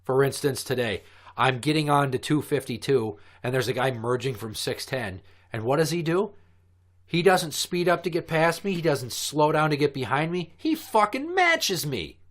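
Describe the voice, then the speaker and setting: Male podcast co-host, mid-pitched, profane and heated storyteller. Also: moderate pace. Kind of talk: casual podcast chat.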